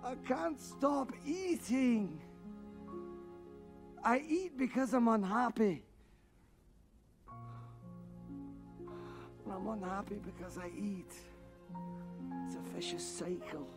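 An actor playing an obese, crude, boastful man with a gravelly, bawdy voice in a film comedy. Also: high voice, takes it slowly, pauses often, music in the background. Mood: self-pitying.

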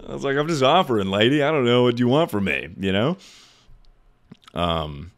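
Brief: man, 20s, deep smooth voice, loose profane storyteller chatting to a live stream. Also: very animated, brisk. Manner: rambling, profane storyteller who laughs at his own stories.

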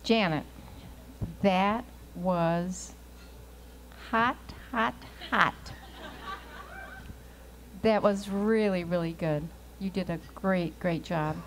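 A woman giving slow, drawn-out praise as a judge at a live dance event. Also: on the low side, steady tone, darkish tone, slight background noise.

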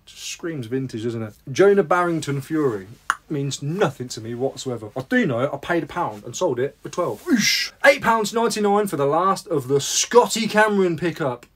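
Man, casual vlog chat, reseller, slightly high voice, rambling, self-deprecating. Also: very animated, normal speed, a bit bright, slight background noise. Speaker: reseller vlogger.

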